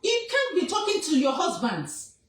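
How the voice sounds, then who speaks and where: Nigerian woman, activist, high and insistent, roomy off-mic sound. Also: huge pitch swings, moderate pace, distant mic. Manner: emphatic, repetitive, scolding. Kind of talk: impassioned public statement.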